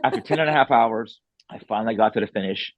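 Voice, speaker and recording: An author appearing as a podcast guest tells a story in a casual way, acting out what people said and using blunt, salty language with animated energy. His voice sits fairly low and he talks fast. There's no room sound, and the high frequencies are cut off.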